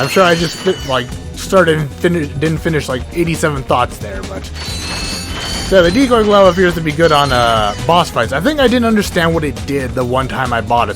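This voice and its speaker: A man giving rambling, excitable gameplay commentary as the host of a let's play, often cutting himself off mid-thought and swearing casually. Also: on the high side. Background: game music and sound effects.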